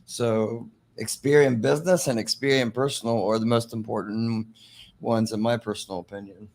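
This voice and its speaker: A man on a live stream as a guest, explaining credit questions in a relaxed, chatty way. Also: mid-range voice, moderate pace. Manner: relaxed, explanatory, laughs easily. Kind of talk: casual live stream chat.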